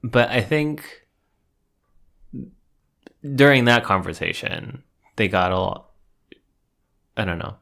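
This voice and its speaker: A man's voice: lowish voice, expressive, a little slow, creaky, a bit bright. A man co-hosting a podcast, casually and hesitantly recapping a reality show. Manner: hesitant, full of "um" and "like". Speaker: podcast co-host.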